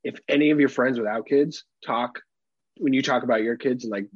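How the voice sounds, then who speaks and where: Young man podcast co-host, husky voice, sweary animated riffing, dull dry recording. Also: medium pitch, a little fast, no echo. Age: young adult. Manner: profane, animated, acts out exaggerated voices. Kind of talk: casual comedic chat.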